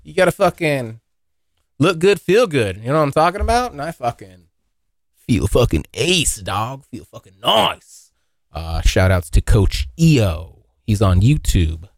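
A man hosting a casual solo podcast, joking and swearing, now and then yelping into high silly voices. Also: unhurried, no room sound, clean studio sound. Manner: animated, swearing, jokey, yelps into high voices. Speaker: podcast host. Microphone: hot close mic.

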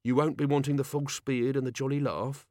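A man's voice: mid-range voice, level tone, fairly quick, mellow, dry recording, studio quality, natural voice. A man voicing a grumpy, sarcastic old male servant who talks bluntly.

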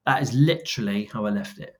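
A man in his forties, a guest on an interview podcast, telling stories with lively quoted dialogue. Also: fairly low pitch, quick pace. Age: 40s. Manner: animated, acts out dialogue in quoted voices. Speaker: guest, brand founder. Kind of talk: storytelling interview answers.

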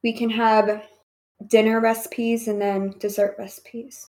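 A woman's voice: on the high side, level tone, measured pace, a little mellow. A woman co-hosting a podcast, chatting in a laid-back, easygoing way. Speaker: podcast co-host. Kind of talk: casual chat.

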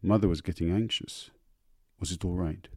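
A man voicing a kind young man who speaks warmly and reassuringly to his sister. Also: low voice, normal speed, breathy edge, dry recording, studio quality. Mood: gentle concern. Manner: warm, gently reassuring. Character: kind young man, gentle older brother.

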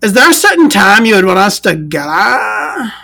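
A woman voicing an entitled, irate middle-aged woman buyer who talks in a shrill, accusing way. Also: sing-song, moderate pace, gravelly, bright, forceful tone, full character voice. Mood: demanding.

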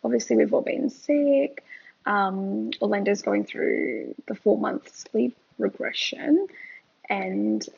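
Woman, casual podcast chat, exhausted, very breathy, dull lo-fi audio. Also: medium pitch, slow, a little mellow. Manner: candid, laughs while telling stories. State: exhausted from lost sleep. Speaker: podcast co-host.

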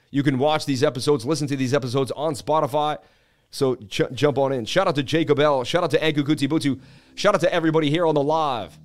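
A man hosting a live-streamed market analysis, talking in an animated, casual, hype-driven way. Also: fairly high pitch. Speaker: crypto market analyst host.

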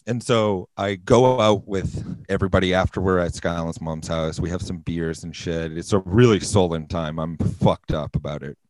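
Deep-voiced man, profane storyteller. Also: no echo, low-quality recording. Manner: profane, deadpan-serious storytelling. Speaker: podcast guest. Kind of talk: casual storytelling.

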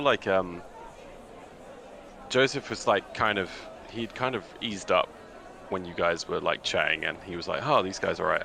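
A man's voice: deep voice, creaky. A man narrating as game master in a casual, rambling way.

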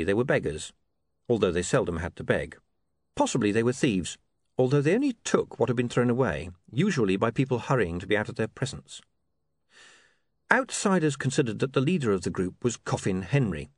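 An audiobook narrator with a lowish voice reads a scripted narration in a wry, lively storytelling manner. The recording is studio quality with no room sound.

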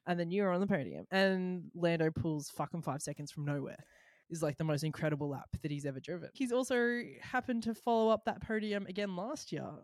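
A woman co-hosting a podcast, talking in an excitable, chatty way with plenty of quick asides. Her voice sits fairly low for a woman, and the sound is dry and close. She keeps the chat casual and lively. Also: dry recording. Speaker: podcast co-host.

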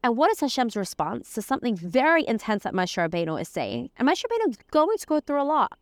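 A woman's voice: a little high, sing-song, fast, no echo. A woman giving a conversational Torah lesson, weaving Hebrew terms and verses into her explanation. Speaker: Torah teacher. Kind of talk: casual spoken lesson on the weekly portion.

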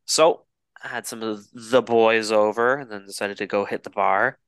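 A man's voice: fairly low pitch, fairly even intonation, normal speed, a bit bright, smooth, no echo. A man in his twenties, a podcast co-host, telling a rambling, profane dating story in casual chat. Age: 20s.

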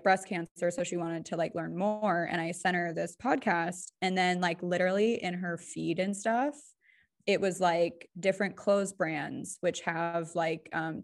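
A woman co-hosting a podcast in casual chat, talking fast and loose with lots of "like" and "right?". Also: lowish voice. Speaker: podcast co-host.

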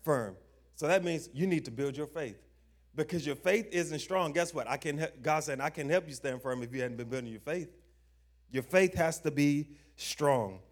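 Young guy preaching, fairly high voice, punchy and emphatic, keeps asking the crowd questions. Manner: emphatic, call-and-response questions; slow stressed scripture reading, informal grammar. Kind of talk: sermon.

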